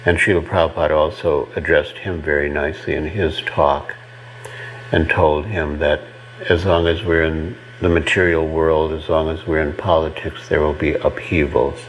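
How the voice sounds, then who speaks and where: Very low male voice, plain factual recollection, faint hum. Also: flat delivery, normal speed, rough recording. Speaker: devotee recalling memories. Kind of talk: reflective recollection.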